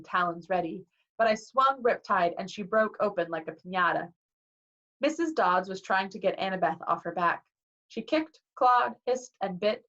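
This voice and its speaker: A woman reading a novel aloud in a lively way, acting out the dialogue, on a dull lo-fi recording. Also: mid-range voice. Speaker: reader.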